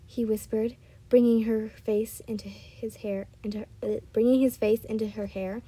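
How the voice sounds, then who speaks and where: A woman's voice: a little high, flat delivery, moderate pace, warm tone, breathy edge, low-quality recording. A woman reading fan fiction aloud, often stumbling and correcting herself. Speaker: storyteller.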